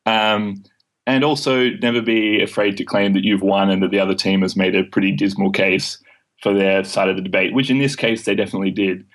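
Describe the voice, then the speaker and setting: Australian male, 20s, low voice, confident guest. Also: steady tone, fairly quick. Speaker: guest, student debater. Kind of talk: interview answers.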